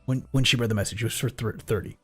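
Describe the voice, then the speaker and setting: Husky-voiced man rambling casually. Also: lowish voice, fairly even intonation, fast talker, soft background music. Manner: rambling, profane, acts out both sides of imagined exchanges. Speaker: streamer. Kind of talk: casual stream chat.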